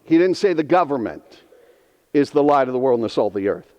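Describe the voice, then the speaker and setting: A man's voice: mid-range voice, animated, brisk, darkish tone, big-room sound. A man in his fifties preaching a sermon, earnest and emphatic, repeating key phrases for weight. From northeastern Pennsylvania. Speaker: pastor.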